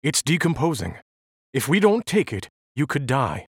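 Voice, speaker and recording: A narrator voicing a calm male surgeon who speaks softly and steadily to reassure his patient. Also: medium pitch, moderate pace, breathy edge, dry recording, clean studio sound. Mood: gravely calm. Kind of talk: audiobook character voice.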